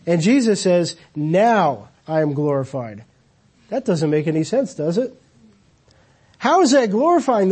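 A man's voice: high voice, dark tone, husky. A man preaching a sermon as pastor, telling the story in a casual, conversational way with rhetorical questions. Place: church.

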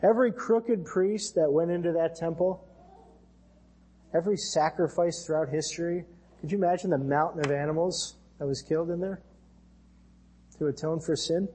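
At normal speed, broken by long pauses, an American male pastor gives an earnest sermon. His voice is mellow and husky, a little high in pitch, and higher still when he reads scripture.

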